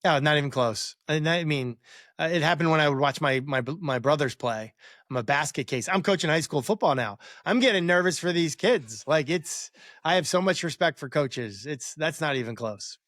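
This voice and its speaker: A man's voice: a little high, moderate pace, dry recording, clean studio sound. A middle-aged man, a former quarterback, telling rambling stories as a podcast guest and acting out what others said. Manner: rambling, animated, acts out quotes. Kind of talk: casual interview storytelling.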